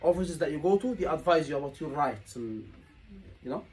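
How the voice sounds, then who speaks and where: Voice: mid-range voice, expressive, brisk, darkish tone, low-quality recording. Emphatic tutor coaching a class. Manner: repetitive, emphatic coaching with rhetorical questions. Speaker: exam tutor. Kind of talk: live teaching session.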